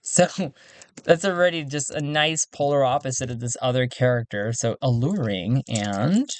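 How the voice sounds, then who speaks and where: A man thinking aloud as he plays a solo tabletop game, chatty and quick to laugh. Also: mid-range voice, lively intonation, dry recording.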